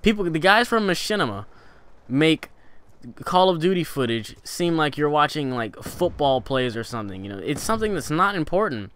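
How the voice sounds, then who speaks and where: A man's voice: very animated, moderate pace, fairly bright tone. Rambling young man giving channel tips. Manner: rambling, with many fillers and restarts; pitch rising and falling for emphasis. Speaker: gaming channel host. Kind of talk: casual instructional vlog talk.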